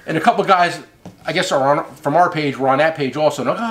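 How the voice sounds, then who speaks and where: Speaking fast with a fairly high pitch and a fairly bright tone, this middle-aged host, who also owns a tool company, rambles loosely through a long story on his own show and swears casually.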